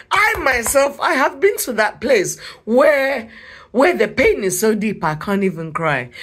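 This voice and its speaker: Woman, emotional confessional vlog; wide pitch swings, repetitive pleading, sudden shouts. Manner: impassioned, swinging from low murmurs to shouted cries; repeats phrases, prayerful pleading. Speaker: vlogger. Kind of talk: emotional prayer and confession to camera.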